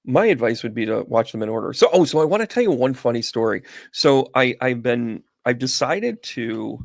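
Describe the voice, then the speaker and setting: A gravelly, mid-range male voice belongs to a psychic medium hosting a casual livestream, greeting viewers by name and telling rambling stories as he reads tarot. He's on a close, sensitive microphone, and there's no echo.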